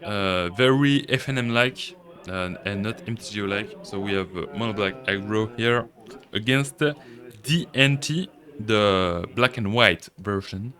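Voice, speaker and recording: A man with a French accent, a native French speaker, giving casual, relaxed commentary on a card-game match and thinking aloud as he goes. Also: on the low side, unhurried.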